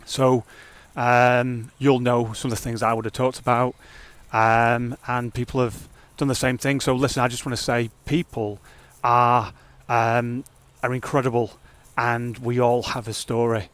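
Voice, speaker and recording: A man talking casually to camera in a fitness vlog, energetic and rambling, reflecting openly on his days. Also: medium pitch, unhurried, hardly any pauses, smooth, no room sound. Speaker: fitness vlogger.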